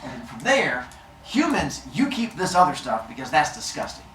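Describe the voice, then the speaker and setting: A man's voice: a little high, wildly swooping pitch, normal speed, fairly bright tone, recorded from a distance, a little hiss or hum. Man voicing a boastful scheming god-king, mocking, gloating, echoey room, set back from the mic.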